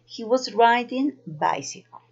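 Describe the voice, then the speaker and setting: A woman with a Colombian Spanish accent, a native Spanish speaker, teaching an English grammar lesson slowly and carefully. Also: on the high side, lively intonation, gravelly. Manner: slow, careful explaining. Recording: dull lo-fi recording.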